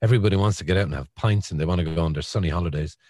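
A man's voice: low-pitched, racing, a little mellow, no room sound. A man with a Cork Irish accent, hosting a podcast in a casual chatty way and telling stories with laughs. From Ireland. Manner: chatty storyteller, laughs along. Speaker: podcast host. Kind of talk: casual chat.

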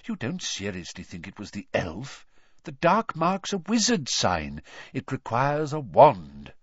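A man voicing a quiet, sensible wizard. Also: huge pitch swings, measured pace, slightly rough, no echo, full character voice. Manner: quiet, low, reasoning. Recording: dull lo-fi recording.

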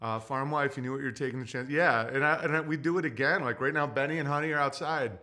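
A man in his forties, hosting a livestream, talking in a halting, emotional way, tearful, with many fillers and blunt profanity. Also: mid-range voice, sharp tone. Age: 40s. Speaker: livestream host. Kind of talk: casual livestream talk reading chat.

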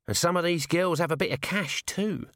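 A man's voice: on the high side, expressive, normal speed, fairly bright tone, no room sound, studio quality, voice pushed up. A man voicing a scruffy, cheeky young city watchman with whiny, streetwise, common speech. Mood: eager.

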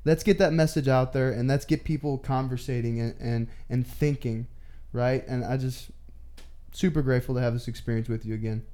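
A man hosting a podcast, closing the episode in a relaxed, easygoing way. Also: mid-range voice, a little fast. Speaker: podcast host. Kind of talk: podcast outro.

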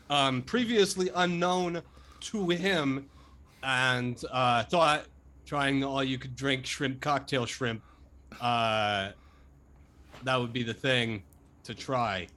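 A man playing a tabletop role-playing game, answering in character in a deadpan, hesitant way. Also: mid-range voice. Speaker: player. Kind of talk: casual tabletop role-play.

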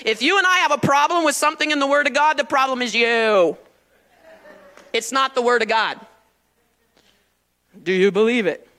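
A woman's voice: high-pitched, fairly quick, sharp tone. A woman pastor preaching a sermon in a church, emphatic and calling on the congregation to answer back. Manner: emphatic call-and-response preaching. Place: church sanctuary.

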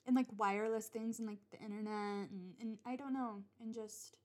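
Young woman, solo podcast host, rambling and swearing, restarts constantly, voice a touch high. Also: steady tone, moderate pace. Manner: rambling, swears often, many restarts and fillers. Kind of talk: casual solo podcast rant.

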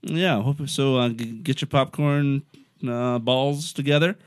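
A man's voice: mid-range voice, a little slow, clear, resonant tone, no echo. A man hosting a podcast in a recording studio, easygoing as he leads into segments and breaks. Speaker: podcast host. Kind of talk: casual chat.

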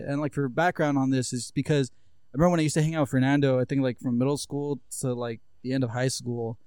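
A man's voice: mid-range voice, fast, darkish tone, smooth, dry recording, clean studio sound. A young man hosting a podcast, telling a casual story in loose, profane talk full of "like". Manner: loose, profane, heavy use of filler "like". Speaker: podcast host.

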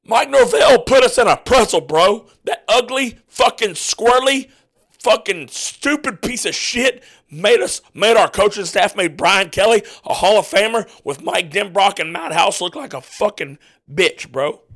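A man ranting angrily as a sports fan podcaster, swearing constantly and breaking into yelled outbursts. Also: high-pitched, expressive, unhurried. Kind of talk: angry profane rant while watching a game.

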